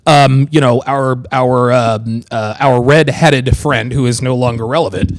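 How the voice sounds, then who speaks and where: A man's voice: mid-range voice, measured pace, slight background noise, low-quality recording. An American man hosting a casual livestream chat, joking and restarting his sentences often. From United States. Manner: animated, joking, many restarts. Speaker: livestream host.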